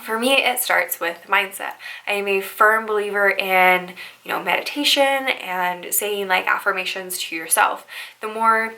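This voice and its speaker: A woman's voice: mid-range voice, unhurried, pushed and bright, low-quality recording. A young woman who works as a bridal stylist, giving upbeat, chatty motivational advice and often checking in with "right?". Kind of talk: motivational vlog talk.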